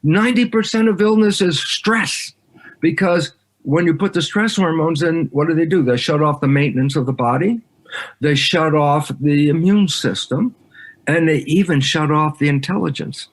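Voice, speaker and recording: During an interview, a man with a voice on the high side speaks at normal speed as a guest. He's an emphatic explainer and lively storyteller who performs both halves of the conversations he recounts.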